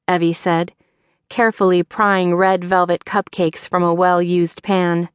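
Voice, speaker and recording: A woman narrating an audiobook in a measured, even storytelling manner. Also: fairly low pitch, smooth, dry recording. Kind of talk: scripted narration.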